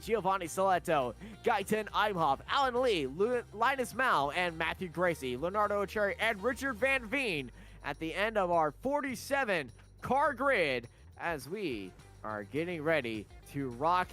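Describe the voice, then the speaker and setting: A man commentating a sim race, calling qualifying and reading off the starting grid in brisk play-by-play. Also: sits high, very animated, a bit bright, faint music behind.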